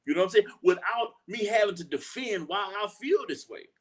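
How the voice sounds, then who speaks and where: A man's voice: high voice, expressive, a little fast. A man hosting a live talk show, speaking earnestly, often repeating himself for emphasis and asking "you know what I'm saying". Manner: earnest, repeats lines for emphasis, acts out quoted voices. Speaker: host.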